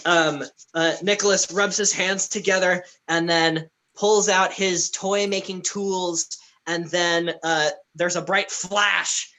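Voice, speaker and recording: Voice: mid-range voice, bright, forceful tone. A tabletop game player who narrates playfully and laughs often. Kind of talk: tabletop role-play.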